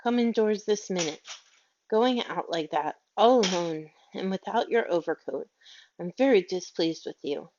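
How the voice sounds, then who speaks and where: Lady doing a shrill fussy dog lady, haughty and weepy, lo-fi muffled sound. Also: lively intonation, measured pace, background noise. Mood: indignant. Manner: fretful and shrill, prone to wailing. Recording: dull lo-fi audio.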